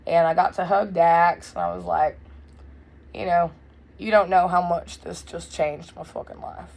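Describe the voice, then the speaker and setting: A young woman telling a wild story in a casual, blunt, profane way, loud and animated. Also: on the low side, unhurried, vocal fry. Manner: blunt, profane, swears freely. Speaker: vlogger.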